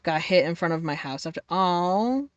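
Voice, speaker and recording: A woman's voice: on the low side, expressive, moderate pace, no room sound, lo-fi sound. A young adult woman streaming a game live, reading its text aloud in a profane, playful way.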